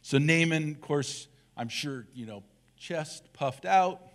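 A middle-aged man, a church elder, preaching a casual, humorous sermon full of animated asides and self-deprecating jokes. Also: on the high side, slow pace.

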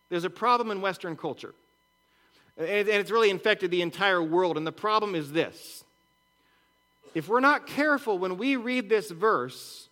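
A man's voice: extremely high pitch, sharp tone. A man preaching a sermon in a conversational way, with rhetorical questions and repeated words. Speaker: pastor.

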